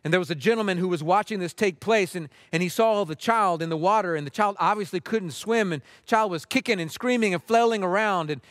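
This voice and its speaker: A man with a fairly high voice delivers an impassioned sermon from the pulpit. The sound is dry and close, with no room around it. He swings from urgent, pleading intensity to soft, hushed appeals. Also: a little fast, few pauses, no echo. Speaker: pastor.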